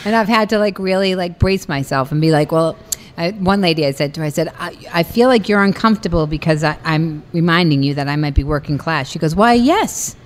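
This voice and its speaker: A woman with a thick Boston accent and a notably low voice. She talks bluntly and bawdily in a casual chat, full of asides. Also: fast. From Boston, Dorchester. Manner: blunt, bawdy, chatty.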